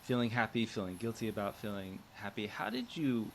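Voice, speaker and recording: A man hosting a podcast, asking an interview guest careful, measured questions. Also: fairly low pitch, animated, noisy background. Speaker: podcast host.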